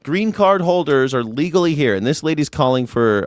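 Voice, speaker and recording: A man's voice: fairly high pitch, expressive, normal speed, few pauses, dry recording. A man hosting a live news reaction show, talking in a blunt, mocking, casual way and swearing freely.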